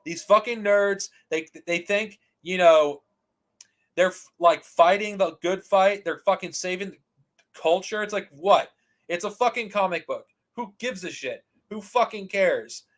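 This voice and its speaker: Here a high-voiced man who hosts a commentary channel rants without rushing, swearing heatedly as he goes. His delivery is marked by frequent restarts and rhetorical questions he repeats over and over.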